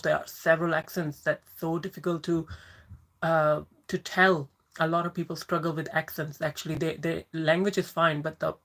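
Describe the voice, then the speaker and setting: A woman's voice: deep voice, fairly bright tone. Chatty woman hosting a live Q&A. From moved to the UK from abroad. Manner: chatty, rambling, reads out viewer comments and greets them by name. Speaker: livestream host answering viewer questions. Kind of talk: casual live Q&A chat.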